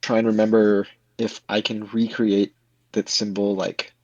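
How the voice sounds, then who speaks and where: Man, player, hesitant, low voice, dry close sound. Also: little pitch movement, unhurried, dry recording, lo-fi sound. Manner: hesitant, many fillers and restarts. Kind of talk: tabletop game play.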